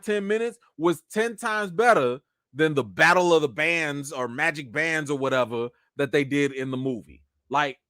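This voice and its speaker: Male host, lively swooping delivery, dry close sound. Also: a little high, no room sound. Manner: animated, talks straight to viewers, acts out quotes. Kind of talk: live chat commentary.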